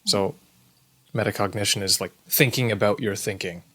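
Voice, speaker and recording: A man's voice: on the low side, moderate pace, pushed and bright. A man in his thirties co-hosting a parenting podcast, chatting casually and asking thoughtful, guiding questions. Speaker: podcast co-host.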